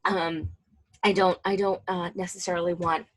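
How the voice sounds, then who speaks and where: A woman's voice: lowish voice, level tone, moderate pace. Chatty young woman counselor presenting. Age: 20s. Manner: chatty, informal, lots of fillers and asides. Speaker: mental health counselor. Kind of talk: casual presentation to professionals.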